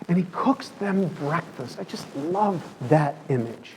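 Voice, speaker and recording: A man's voice: on the high side, lively intonation, a little slow, few pauses, darkish tone, slight background noise. A man preaching a conversational sermon in a church, telling the story in a chatty way and acting out the quoted lines.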